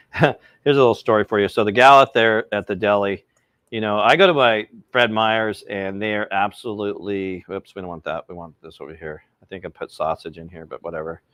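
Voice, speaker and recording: A man's voice: lowish voice, normal speed, fairly bright tone, no echo, clean studio sound. A man hosting a casual cooking livestream, chatting and rambling to his viewers while he cooks outdoors. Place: outdoors by a pizza oven.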